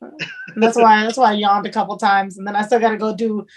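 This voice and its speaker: A woman's voice: medium pitch, level tone, a little fast, a crowd in the background. A young woman chef as a podcast guest, speaking candidly and casually, swearing now and then.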